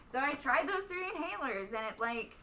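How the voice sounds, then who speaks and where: A woman from Texas, a stand-up comic, chatting as a podcast guest in a rambling way, full of "like" and quick laughs. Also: high-pitched, very animated, pushed and bright, recorded from a distance. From Stephenville, Texas. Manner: rambling, heavy use of "like", laughs often. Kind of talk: casual podcast chat.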